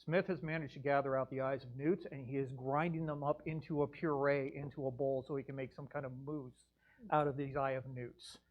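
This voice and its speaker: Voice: medium pitch, fairly even intonation, brisk, muffled recording. A player in a tabletop game, making dry joking asides and describing their character's actions. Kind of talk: casual tabletop play.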